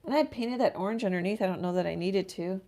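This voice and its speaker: A woman's voice: medium pitch, fast, mellow. A woman talking through her painting in a casual livestream from her art studio, musing to herself as she works. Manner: musing, self-talk while painting, trails off. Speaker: art teacher painting live.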